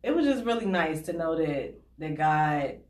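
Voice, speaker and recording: Laughing, animated woman in an echoey room. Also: deep voice, moderate pace, distant mic. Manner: animated storyteller, laughs often. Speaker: podcast guest, former radio host. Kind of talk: casual chat. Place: podcast studio.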